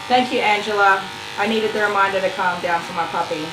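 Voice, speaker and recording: A woman's voice: mid-range voice, steady tone, fairly quick. A woman, a dog groomer chatting casually while she grooms, getting passionate and worked up as she talks, with mild swearing. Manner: passionate, ranting, swears mildly. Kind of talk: casual chat while grooming on a live stream. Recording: echoey room with electric clipper noise.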